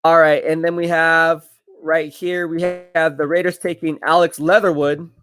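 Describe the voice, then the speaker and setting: A man hosting a live stream, giving casual commentary, boastful and laughing often, with quick bursts of excitement. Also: fairly high pitch, soft background music.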